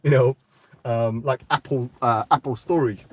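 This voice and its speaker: A man's voice: mid-range voice, fairly even intonation, normal speed. A man hosting a live crypto talk, ranting bluntly and swearing, often tagging "right?". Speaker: crypto podcast host.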